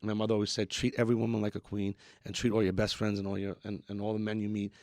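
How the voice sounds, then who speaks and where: A man from New York, a musician guest, talking candidly in an interview with halting restarts and frequent fillers. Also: on the low side, level tone, a little mellow, dry recording, studio quality. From New York, USA.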